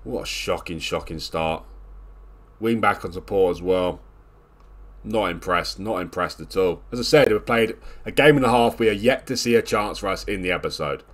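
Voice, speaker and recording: A man commentates live on his own video game play at a normal speed, sounding exasperated and scolding. He lurches between loud outbursts and low, grumbling mutters.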